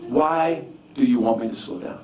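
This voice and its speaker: A man's voice: medium pitch, animated, normal speed, mellow, a little hiss or hum. A man preaching a conversational sermon, repeating and restarting phrases as he tells personal stories. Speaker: pastor. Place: church sanctuary. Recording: echoey room from far off.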